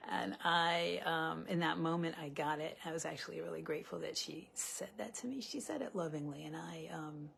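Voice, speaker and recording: Woman relationship coach, low gravelly voice, earnest live chat to viewers, faint hiss behind. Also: normal speed, hardly any pauses, fairly bright tone. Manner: earnest, conversational, many fillers and restarts.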